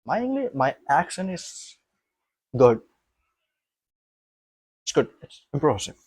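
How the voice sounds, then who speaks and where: A man's voice: fairly high pitch, very animated, slow pace, a little mellow, slightly rough, no room sound. Young man, camera vlog, emphatic and rambling, swearing, dry close sound. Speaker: vlogger. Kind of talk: thinking aloud to camera.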